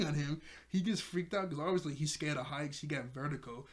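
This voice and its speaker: A young man casually recapping a cartoon episode, animated, acting out the characters' lines and laughing often. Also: fairly high pitch, brisk, few pauses. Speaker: episode reviewer.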